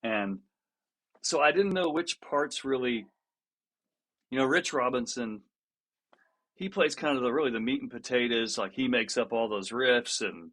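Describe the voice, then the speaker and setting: Man telling a lively story. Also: mid-range voice, a little slow, long pauses. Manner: lively storyteller who acts out what others said; laughs often and restarts sentences. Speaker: guest musician. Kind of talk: casual storytelling in a podcast interview.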